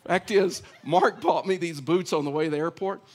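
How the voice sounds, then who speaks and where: A man's voice: fairly high pitch, moderate pace, a little mellow. A middle-aged man with a Texan accent preaching a sermon, telling folksy stories and acting out dialogue. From Texas. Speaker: pastor.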